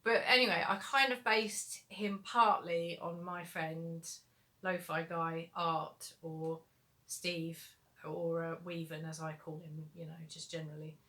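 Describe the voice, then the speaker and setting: A young woman answers viewer questions in a relaxed livestream Q&A, speaking loosely and chattily with frequent fillers. Her voice is fairly low yet bright and forward, at a measured pace.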